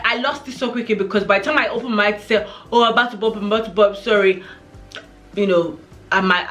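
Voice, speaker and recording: A young pregnant woman vlogging in a chatty, animated way, telling stories to camera. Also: mid-range voice. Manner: chatty, animated storytelling with many "like" and "oh my God". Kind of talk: casual chat to camera.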